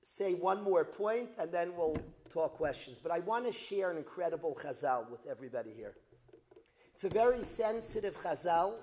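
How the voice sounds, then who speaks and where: A man teaching a religious lesson as a dramatic story, repeating phrases for emphasis and building to loud outbursts. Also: on the high side, lively intonation, moderate pace, slight background noise. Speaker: Torah teacher. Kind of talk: storytelling lecture.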